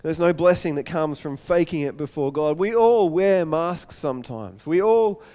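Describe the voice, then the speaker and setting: A man's voice: on the high side, moderate pace, mellow, long reverb tail. A pastor preaching a sermon, earnest and often repeating words as he goes.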